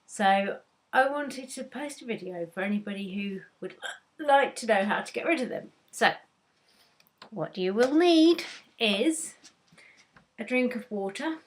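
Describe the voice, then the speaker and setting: A woman's voice: on the high side, lively intonation, a little slow, long pauses. A woman vlogger with hiccups, chatting casually and a bit hesitantly, with some laughs, while explaining a home remedy. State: has hiccups. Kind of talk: casual how-to chat.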